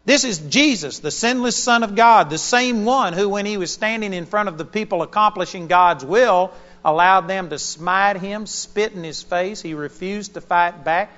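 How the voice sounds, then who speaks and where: A male pastor preaching a sermon, an animated storyteller with sudden loud bursts. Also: sits high, normal speed, few pauses, muffled recording.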